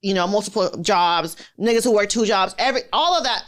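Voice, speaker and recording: A woman's voice: medium pitch, a little fast. A woman co-hosting a podcast in blunt, teasing, profane casual chat. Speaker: podcast co-host.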